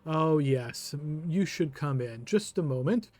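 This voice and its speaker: A man voicing a guarded woman gatekeeper of a secret order, speaking in a measured, formal way. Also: on the high side, animated, a little mellow, no room sound. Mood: courteous.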